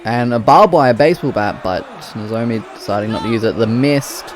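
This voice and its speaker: A man giving play-by-play commentary on wrestling matches, excitable and breaking into loud exclamations. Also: medium pitch, brisk, a faint crowd, a little hiss or hum.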